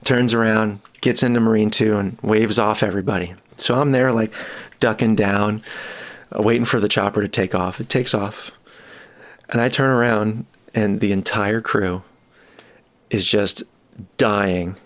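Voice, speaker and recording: A man with a somewhat low voice recounts an on-set story in a relaxed, conversational way. He tells it with animated energy, his pitch leaping up whenever he quotes someone. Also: measured pace. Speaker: boom operator and sound mixer guest. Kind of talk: casual storytelling anecdote.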